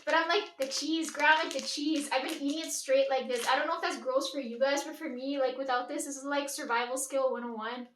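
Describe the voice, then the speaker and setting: A young woman vlogs casually about her day from a room at home, rambling and chatty with casual swearing and lots of "like". Her high voice is fairly even in intonation, quick and hardly pausing, picked up by a distant mic in an echoey room with slight background noise.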